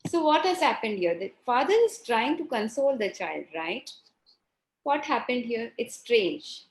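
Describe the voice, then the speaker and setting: A woman's voice: a little high, big pitch swings, unhurried, roomy sound, rough recording. A middle-aged woman presenting a parenting workshop, asking her audience questions and acting out what parents and children say. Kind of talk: live workshop lesson.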